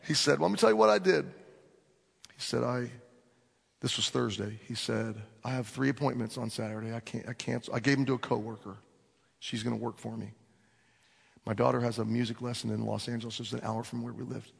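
Man in a pulpit, husky gravel in the voice, telling a story with lots of acted dialogue, long hall echo. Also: mid-range voice, fairly quick. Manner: animated storyteller acting out dialogue. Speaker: pastor. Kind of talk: sermon storytelling. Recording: long reverb of a large hall.

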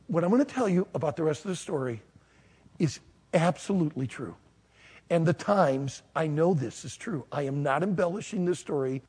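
A man preaching, telling a funny personal story with self-mockery and bursts of shouting and laughter. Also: fairly high pitch, breathy edge. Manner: animated, self-mocking storyteller who shouts and laughs at the climax. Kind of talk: storytelling sermon. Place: hall with a live audience.

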